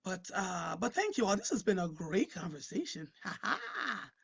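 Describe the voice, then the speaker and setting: A woman hosting a live online talk show, chatting with viewers and guests in an animated, conversational way and often repeating words as she starts a thought. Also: mid-range voice, moderate pace, gravelly, husky. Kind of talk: casual livestream talk.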